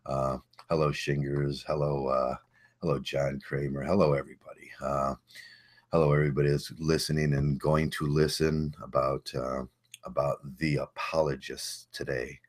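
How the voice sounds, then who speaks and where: A man's voice: a bass voice, little pitch movement, moderate pace. A man hosting a livestream, talking casually and rambling with many fillers. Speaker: livestream host.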